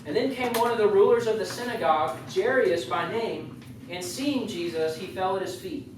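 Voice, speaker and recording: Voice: medium pitch, normal speed, noisy background. A youth leader giving a casual, joking sermon, full of rambling asides. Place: youth group meeting room. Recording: very echoey room, voice far from the mic.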